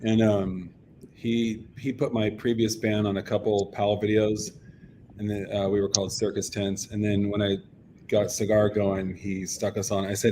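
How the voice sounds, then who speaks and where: Animated man telling a story casually. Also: lowish voice, normal speed, slight background noise. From United States. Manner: animated, acts out quoted voices, filler-heavy. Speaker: band member, guest.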